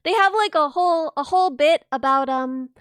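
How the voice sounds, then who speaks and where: A young adult woman with a high-pitched voice streams casually as a VTuber, reading and chatting with her viewers at a normal pace with no echo. She's excitable, gasping and squealing at their messages and wandering off into rambling asides. She isn't Australian.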